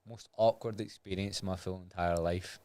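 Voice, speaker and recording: A man's voice: low voice, fairly even intonation, normal speed, darkish tone, no echo. A young man with a Scottish accent, a podcast guest telling wry, self-mocking stories. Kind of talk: casual chat.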